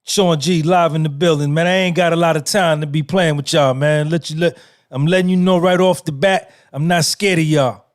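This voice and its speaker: Man in his fifties, podcast host, slightly high voice, emphatic, repeats himself. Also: fairly even intonation, moderate pace. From New Jersey. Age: 50s. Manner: emphatic and repetitive, firing rhetorical questions. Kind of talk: casual solo podcast monologue.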